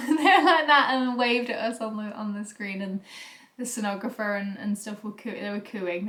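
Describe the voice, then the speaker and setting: A woman's voice: on the high side, normal speed, fairly bright tone. A young woman, vlogging to camera in a rambling, chatty way, a little out of breath. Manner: chatty, rambling with fillers and restarts. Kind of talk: casual chat to camera.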